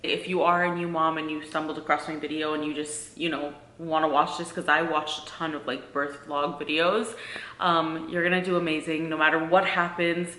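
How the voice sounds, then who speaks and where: A woman's voice: deep voice, level tone, normal speed, sharp tone. A woman in her thirties chatting to camera in a casual vlog, earnest and talkative, full of "like" and "um". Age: 30s. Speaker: vlogger. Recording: echoey room.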